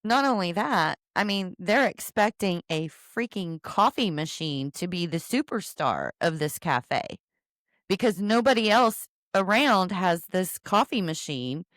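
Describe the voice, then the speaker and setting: A woman co-hosting a casual podcast recap, easygoing and quick to laugh. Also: lowish voice, expressive, fairly bright tone, no room sound, studio quality. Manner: easygoing, laughs often, agreeable. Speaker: podcast co-host.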